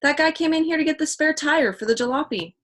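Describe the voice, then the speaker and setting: A woman's voice: on the high side, moderate pace, fairly bright tone. A woman reading the part of a stout, jumpy teenage boy who stammers when scared, in a storybook reading. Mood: excited.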